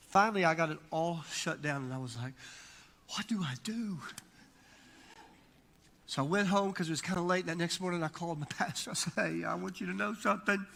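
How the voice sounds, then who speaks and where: A middle-aged man preaches in a church sanctuary, shifting between casual storytelling and emphatic, loud peaks. His voice is bright and a little high for a man. Long reverb from the hall trails behind every phrase. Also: slight background noise. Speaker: pastor. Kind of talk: sermon with storytelling.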